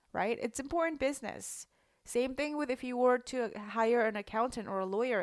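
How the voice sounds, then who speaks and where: A woman's voice: a little high, dry recording, clean studio sound. Bubbly, emphatic woman coach. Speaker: life coach. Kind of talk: teaching monologue.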